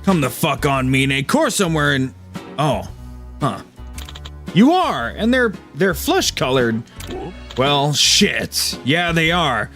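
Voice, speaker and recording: A man's voice: on the high side, very animated, takes it slowly, a bit bright, faint music behind, voice pushed up, full character voice. A man putting on a swaggering New York yakuza boss. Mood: teasing. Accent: New York (put on). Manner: swaggering, profane, teasing. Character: brash crude male yakuza boss with a New York accent. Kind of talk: voicing game dialogue on a stream.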